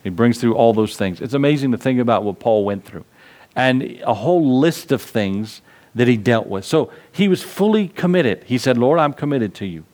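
Guy preaching in church, mid-pitched voice, goes up for emphasis then drops way down, reads old-style scripture. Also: animated, moderate pace, a little mellow. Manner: preaching with rising emphasis, swings from lifted to low, reflective; quotes scripture in King James wording. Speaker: pastor. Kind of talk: sermon.

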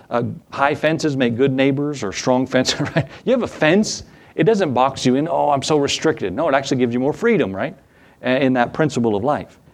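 Man preaching a conversational sermon. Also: medium pitch. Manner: conversational, asks the congregation for responses; acts out little skits in quoted voices. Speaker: pastor. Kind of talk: sermon teaching.

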